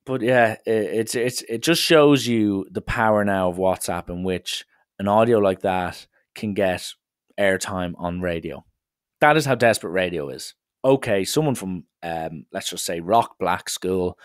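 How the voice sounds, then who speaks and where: An Irish podcast host rants on his own in a sardonic, exasperated tone. His voice sits fairly low. The sound is dry and close, with no room around it. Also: a little slow, clean tone, no room sound. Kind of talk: solo podcast rant.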